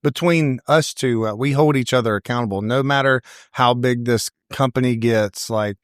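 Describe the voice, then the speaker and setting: A man's voice: medium pitch, normal speed, no echo, studio quality. Earnest male podcast host. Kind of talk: casual podcast interview.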